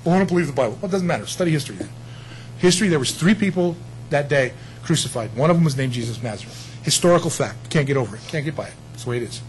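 A man preaching a sermon in an animated, conversational way, acting out short quotes. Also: a little high, rapid-fire, slight background noise, poor audio.

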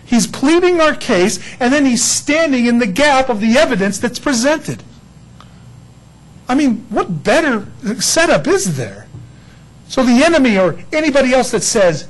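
Male pastor, sermon delivery, high lively voice with a husky edge, plays out quick dialogue bits. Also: low-quality recording. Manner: animated, acts out little dialogues with God.

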